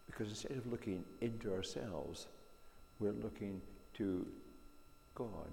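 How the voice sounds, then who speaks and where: Deep gravelly preacher in echoey hall. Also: male voice, warm tone. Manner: earnest, measured, rhetorical questions. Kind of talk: sermon. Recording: echoey church hall reverb, faint hum.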